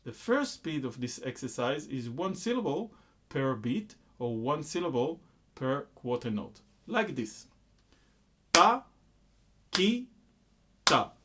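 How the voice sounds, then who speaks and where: A man teaching a rhythm lesson at an unhurried pace. His voice rises and falls a lot as he explains, and he stops often to chant the syllables out loud. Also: medium pitch. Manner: slow, patient explaining, breaking into chanted syllables and claps. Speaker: music teacher.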